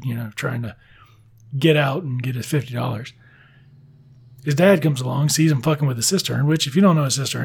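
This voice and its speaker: A young comedic book reviewer with a rough, gravelly voice, a husky grain underneath, medium pitch and a darkish tone retells a story. His loose, comedic delivery is full of crude sarcasm, free swearing, and quick character voices.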